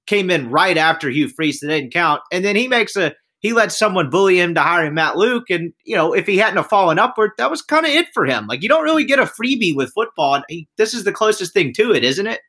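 A man with a high, bright voice co-hosts a casual sports talk show. His pitch swings widely as he asks leading questions, animated and conversational. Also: fast, hardly any pauses, husky. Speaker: podcast co-host.

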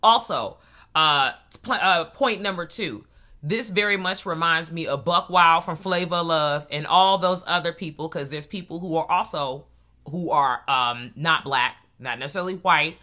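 A woman's voice: low-pitched, normal speed, sharp tone. A woman co-hosting a casual talk show, making blunt, profane, joking comments. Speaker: podcast co-host. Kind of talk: casual chat.

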